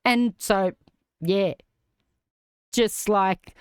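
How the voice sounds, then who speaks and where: A woman's voice: mid-range voice, drawn-out words, clear, resonant tone, dry recording. A middle-aged Australian woman hosting a livestream, ranting indignantly and swearing as she reads comments aloud. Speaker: livestream host.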